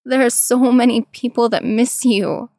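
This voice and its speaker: A woman voicing an anxious young man who speaks slowly and carefully, pleading, in a storybook reading. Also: fairly high pitch, vocal fry, dry recording, studio quality.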